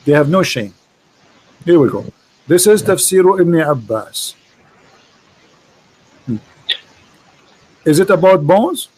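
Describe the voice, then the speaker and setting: Arabic-accented guy ranting on a call, high pitched, mocking, keeps repeating himself. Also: very animated, husky, low-quality recording. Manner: mocking, forceful, fast bursts, repeats words. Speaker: host, debater. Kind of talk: casual debate chat.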